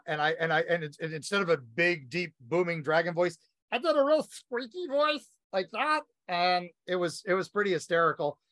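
A man's voice: on the high side, a bit bright, no echo. A man co-hosting a podcast in casual chat, telling stories with lots of ums and you-knows. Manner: rambling storyteller, many ums and you-knows. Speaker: podcast co-host.

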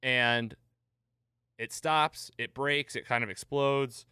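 A man's voice: medium pitch, fairly even intonation, slow, sharp tone, smooth, no echo, clean studio sound. A man hosting a podcast, animatedly retelling a TV episode in casual chat and laughing at the jokes. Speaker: podcast host.

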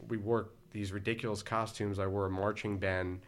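A former band vocalist in his forties from the Philadelphia area guests on a podcast, telling long, casual stories in a laid-back, rambling style. His voice is on the low side and fairly bright, with a level tone at normal speed.

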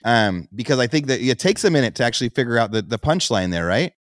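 A man's voice: medium pitch, expressive, fast talker, no room sound, studio quality. A man co-hosting a podcast, chatting casually and telling a rambling story, acting out other people's voices in it. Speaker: podcast co-host.

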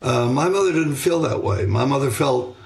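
An older man answering interview questions about raising children in a measured, reflective way, pausing on fillers and restarting sentences. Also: medium pitch, animated, gravelly. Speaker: guest author on parenting.

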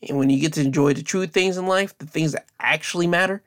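A man's voice: fairly high pitch, fast talker, fairly bright tone. A young man hosting his own podcast, rambling through a casual sign-off with frequent restarts, earnest and encouraging. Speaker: podcast host.

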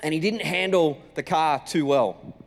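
A man, a senior pastor telling a personal story in a sermon with lively, animated delivery. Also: a little high, measured pace. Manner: animated storytelling, acting out his own lines. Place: church auditorium. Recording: reverberant church hall.

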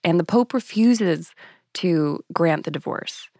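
Woman co-host, blunt and profane, lowish gravelly voice. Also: lively intonation, slow pace, mellow, dry recording, clean studio sound. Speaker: podcast co-host. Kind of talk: casual chat.

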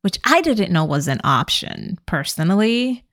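A woman's voice: on the low side, sing-song, fairly bright tone, dry recording, studio quality. A young woman co-hosting a podcast, recapping a movie in sarcastic, chatty talk. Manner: chatty, sarcastic, quick asides. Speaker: podcast co-host. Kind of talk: casual movie recap chat.

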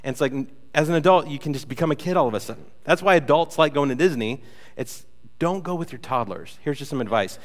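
A man preaching a conversational sermon as a pastor, telling stories with playful, animated asides. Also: on the high side, quick pace, in a large hall.

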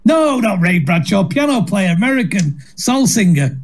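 Husky, animated Northern English comedian. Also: male voice, high voice, moderate pace. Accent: Northern English, Manchester. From England. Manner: lively, self-mocking, laughs through stories. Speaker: comedian guest. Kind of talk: anecdotal storytelling.

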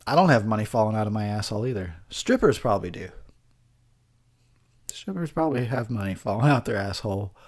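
A man's voice: lowish voice, lively intonation, brisk, a little mellow. A tipsy man hosting a drunken movie commentary, rambling and crude. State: tipsy, buzzed. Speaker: host.

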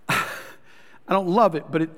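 A man's voice: high voice, a little slow. Man preaching a sermon in a hall. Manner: storytelling preacher, addresses crowd as guys, drops to soft intimate tones. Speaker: pastor.

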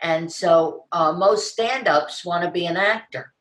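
Fairly low-pitched and unhurried, an older woman who acts is chatting casually in an interview. She tells her stories with animation, voicing quoted lines in big vocal jumps, and the room she's recorded in echoes.

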